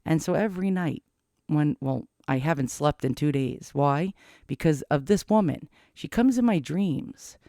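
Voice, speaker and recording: A middle-aged man rambling anxiously to camera in a casual confessional vlog, cursing often and cracking dark jokes. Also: fairly high pitch, expressive, a little slow, no room sound, clean studio sound. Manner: rambling, profane, darkly joking. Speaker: vlogger.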